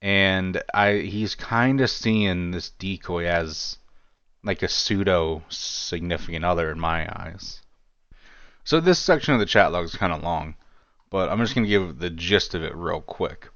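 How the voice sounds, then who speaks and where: Male commentary creator, slow deep-ish delivery, casual rambling, muffled lo-fi sound. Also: fairly bright tone, no echo. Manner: rambling, heavy on fillers like "you know" and "like"; wry, self-deprecating asides. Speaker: true-crime commentary creator. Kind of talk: casual video commentary reading chat logs.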